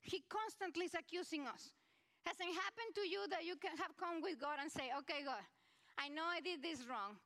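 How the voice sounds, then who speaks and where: A woman's voice: extremely high pitch, moderate pace, a bit bright. A woman pastor with a Mexican accent, preaching a sermon in a church in a conversational way and talking directly to the congregation. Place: church sanctuary.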